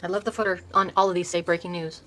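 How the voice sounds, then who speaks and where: An older woman hosting her own video, softly showing tarot decks and reading card names aloud, often trailing off and restarting words. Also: lowish voice, little pitch movement, fast, a little hiss or hum, low-quality recording. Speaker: host showing her tarot deck collection. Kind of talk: soft-spoken casual deck walkthrough.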